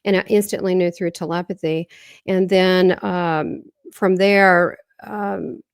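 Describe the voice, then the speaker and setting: A woman's voice: on the low side, fairly even intonation, takes it slowly, creaky, smooth, no room sound, clean studio sound. A woman with a Southern American accent, a guest medium earnestly recounting a near-death experience in a rambling way, often restarting her sentences.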